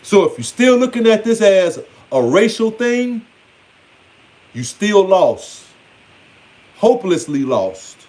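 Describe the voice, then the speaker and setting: A man's voice: high voice, very animated, slow pace, long pauses, darkish tone. A man giving a casual, blunt, playfully scolding monologue on spirituality. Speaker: spiritual speaker.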